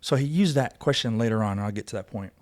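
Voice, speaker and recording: A man guest on a podcast telling a story in casual chat, animated and profane, acting out both sides of arguments. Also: mid-range voice, fast talker.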